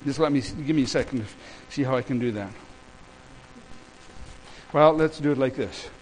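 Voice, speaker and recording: A man's voice: mid-range voice, moderate pace, a little hiss or hum, low-quality recording. A man preaching a sermon as pastor, with impassioned repeated declarations and a casual storytelling turn.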